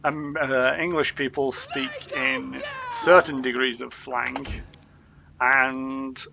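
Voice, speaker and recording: A man's voice: mid-range voice, fairly even intonation, takes it slowly, vocal fry, background noise. A young man streaming a video game, rambling in loose commentary full of ums and uhs.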